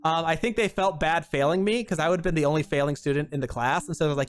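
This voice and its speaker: A woman streamer chatting casually, rambling and poking fun at herself in an animated way. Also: low voice, fast talker, hardly any pauses, faint music behind. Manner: rambling, self-mocking, animated.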